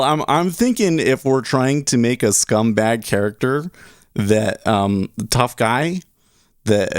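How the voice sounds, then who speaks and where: A man's voice: fairly low pitch, smooth, no room sound, studio quality. A man hosting a casual livestream, rambling and cutting himself off as he talks. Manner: rambling, self-interrupting. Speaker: livestream host.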